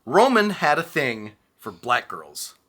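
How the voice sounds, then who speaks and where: A man co-hosting a podcast, telling a story in casual chat, animated and swearing freely. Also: fairly high pitch, slow. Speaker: podcast co-host.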